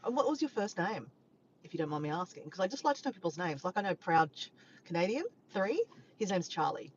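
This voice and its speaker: A woman from Australia with an Australian accent, chatting casually and warmly with live viewers, sometimes breaking into bits of song. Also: on the low side, big pitch swings, fairly quick. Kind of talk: casual live-stream chat. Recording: dull lo-fi sound with faint background noise.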